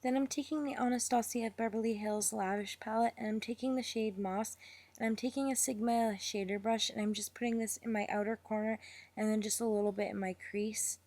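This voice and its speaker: A young woman talking through a makeup tutorial step by step, speaking deliberately slowly in a chatty way. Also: fairly high pitch, steady tone, a little mellow, dry recording. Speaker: beauty vlogger.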